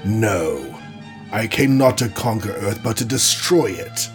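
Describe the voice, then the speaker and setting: A man voicing a cold, menacing male alien conqueror in a storybook reading, speaking slowly and gravely. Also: fairly low pitch, lively intonation, soft background music. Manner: slow, grave and threatening.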